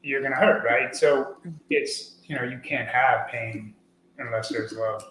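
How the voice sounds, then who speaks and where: A man's voice: mid-range voice, fairly even intonation, a little slow, a bit bright, reverberant, a little hiss or hum, low-quality recording. A middle-aged man, a podcast guest, talking earnestly in a rambling casual way with many fillers and restarts. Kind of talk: casual conversational interview.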